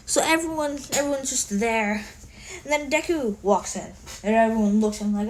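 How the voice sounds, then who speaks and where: A woman's voice: on the high side, expressive, normal speed, darkish tone, slight background noise. A tired woman casually retelling her fan story in a rambling way, with a lot of swearing and self-mockery.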